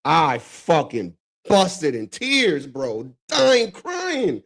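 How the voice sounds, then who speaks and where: A man from the Dominican Republic hosts a casual stream, reacting to clips. His voice sits a bit high for a man, and he talks loosely and excitably, swearing freely and breaking into laughter. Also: extremely slow, creaky. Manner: profane, excitable, laughs often.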